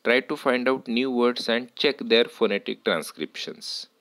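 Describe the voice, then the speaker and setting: Slow, deliberate male teacher. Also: mid-range voice, fairly bright tone, no echo. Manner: slow, deliberate, repeats and self-corrects. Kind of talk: lecture on word stress.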